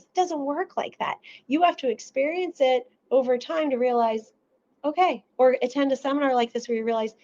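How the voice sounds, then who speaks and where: Woman, audiologist, seminar talk, animated storytelling, fairly high voice, dull lo-fi sound. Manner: animated storytelling with acted-out quotes.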